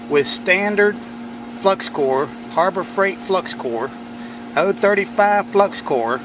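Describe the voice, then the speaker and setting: A man's voice: a little high, background noise. A man giving blunt, folksy workshop commentary on welding and truck repair, swearing casually as he works. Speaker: home mechanic showing welding work.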